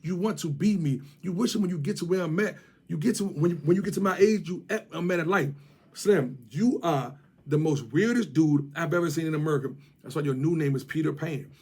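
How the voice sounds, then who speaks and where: Man, Washington DC area accent, slightly high voice, scolding vlog rant, street slang, repetitive jabs. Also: brisk, a little mellow, breathy edge. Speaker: vlogger. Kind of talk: mocking rant to camera.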